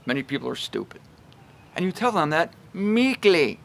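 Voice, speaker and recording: Guy doing a casual bible talk, kinda high voice, punchy and wry. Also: very animated, moderate pace, vocal fry. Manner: emphatic and wry, shifts pace and loudness a lot. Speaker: Bible teacher.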